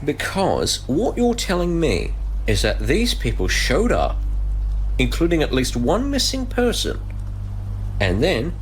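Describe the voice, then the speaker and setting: A man voicing a calm, polite investigator questioning someone in voiced game dialogue. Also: fairly high pitch, slight background noise, heavily acted, poor audio. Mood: patient. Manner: measured and polite. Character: calm, patient male investigator. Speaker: interrogator.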